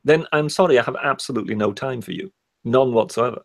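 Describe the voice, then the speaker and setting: A man co-hosting a casual livestream, giving his opinions in a measured but firm way. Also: mid-range voice, creaky.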